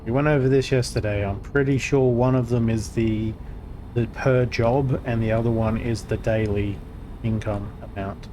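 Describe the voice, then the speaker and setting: A man's voice: medium pitch, fairly even intonation, normal speed, noisy background. A man chatting with friends during a game, with dry, sarcastic remarks. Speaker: friend on voice chat. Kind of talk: casual gaming chat.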